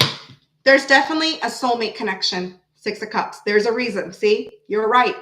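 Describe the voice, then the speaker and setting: A brash, chatty woman reads tarot live and swears freely. Her voice sits fairly high. It rings in an echoey room. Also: lively intonation, brisk, fairly bright tone. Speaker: tarot reader. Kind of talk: live-stream tarot reading with chat.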